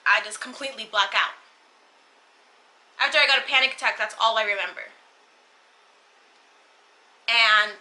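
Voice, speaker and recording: A woman's voice: fairly high pitch, bright, forceful tone, rough recording. A young woman vlogger telling a personal story in a casual, rambling way, full of fillers and restarts. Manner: emotional, rambling retelling with many fillers and restarts.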